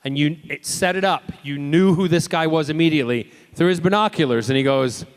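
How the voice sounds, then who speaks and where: A man answering fan questions as a convention panel guest, telling lively anecdotes and acting out the dialogue. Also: a little high, fairly quick, clean tone. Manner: animated, acts out quoted dialogue.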